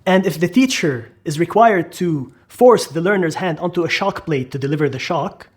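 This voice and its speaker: A man with a fairly high-pitched voice presents a psychology lesson. He narrates dramatically and keeps putting questions to the listener. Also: animated, normal speed, slightly rough. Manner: dramatic, asks the listener questions, acts out quotes. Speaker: psychology lecturer. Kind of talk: explainer video narration.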